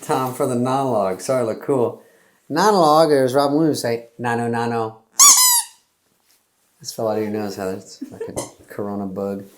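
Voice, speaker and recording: A man's voice: medium pitch, steady tone, brisk, a little mellow, echoey room, a little hiss or hum. A middle-aged man hosting, delivering a loose, sarcastic comedy monologue that acts out little quotes in other voices. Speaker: host.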